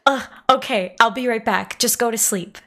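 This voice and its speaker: A woman reading the lines of a heartbroken male raccoon shopkeeper from a fan story, slow and earnest. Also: on the high side, pushed and bright, a little hiss or hum. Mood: worried.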